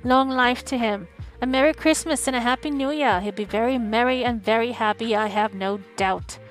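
A woman's voice: on the high side, normal speed, soft background music, natural voice, poor audio. A woman reading an indignant wife. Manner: sharp, indignant. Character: indignant working-class wife and mother.

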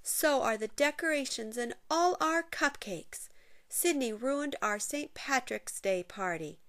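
A woman doing a whiny high-voiced schoolgirl. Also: expressive, a little slow, fairly bright tone, no echo, clean studio sound. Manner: whiny, complaining. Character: young schoolgirl, whiny and tearful.

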